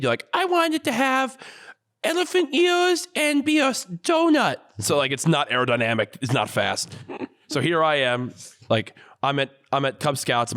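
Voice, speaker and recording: A young man co-hosting a podcast, telling a childhood story in a lively, animated way. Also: medium pitch. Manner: animated storyteller, puts on voices for quotes. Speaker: podcast co-host. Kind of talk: casual podcast chat, storytelling.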